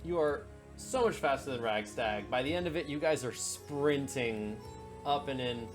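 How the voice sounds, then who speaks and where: A man's voice: medium pitch, normal speed, over music. A man running a tabletop game, chatting casually with his players and then narrating the scene. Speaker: game master.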